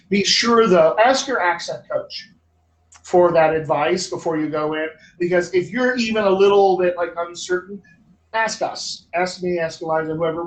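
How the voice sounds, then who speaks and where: A man hosting a live online Q&A as a dialect coach, encouraging and emphatic, often repeating words for stress. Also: on the high side. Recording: echoey room, faint ambient noise.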